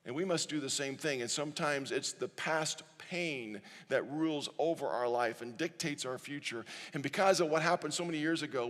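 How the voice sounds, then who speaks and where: A man preaching a sermon as pastor, earnest and pleading, dropping softly into quiet prayer lines. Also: medium pitch. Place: church sanctuary. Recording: church hall with long reverb.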